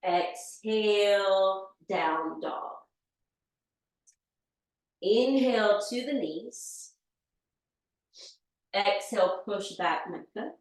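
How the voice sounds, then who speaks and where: In a yoga studio, a female teacher with a medium-pitched voice cues breaths and poses one by one at a slow, deliberate pace. Her calm, step-by-step instructions include breath counts, and the room echoes heavily, with her voice sounding far from the mic.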